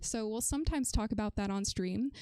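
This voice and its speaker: A woman's voice: medium pitch, a little fast, heavy background noise. A young woman streaming from a room at home, chatting in a bubbly, giggly way with her viewers. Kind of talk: casual live-stream chat.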